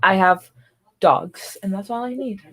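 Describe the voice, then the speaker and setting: A woman's voice: mid-range voice, unhurried, fairly bright tone. A young woman co-hosting a casual podcast, easygoing and trailing off at times. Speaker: podcast co-host. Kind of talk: casual chat.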